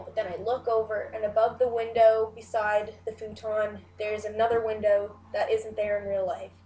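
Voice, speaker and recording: A woman's voice: mid-range voice, a little mellow. A young woman casually telling a long dream story, rambling with many "like" and "you know" fillers and frequent swearing. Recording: echoey room.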